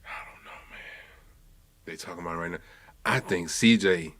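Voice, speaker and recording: A man co-hosting a casual sports podcast, telling stories with lively impressions and casual swearing. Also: deep voice, brisk. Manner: animated storytelling, mimics players, swears casually. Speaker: podcast co-host.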